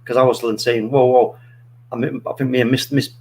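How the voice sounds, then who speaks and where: A man hosting a casual football chat, telling stories in a rambling, animated way with many restarts. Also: medium pitch, brisk, slightly rough, rough recording. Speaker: podcast host.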